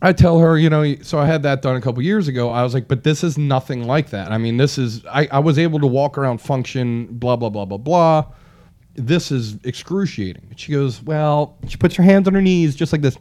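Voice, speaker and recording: A man's voice: mid-range voice, fairly quick, mellow. A man telling a long story in casual chat, swearing often and acting out what people said to him, growing exasperated. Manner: profane, exasperated, acts out quotes.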